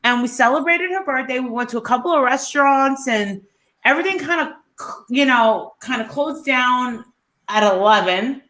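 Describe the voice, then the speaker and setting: A woman on a live stream speaks with a high, bright voice. She rants bluntly and swears freely in heated casual chat. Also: animated, moderate pace. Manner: blunt, profane, ranting.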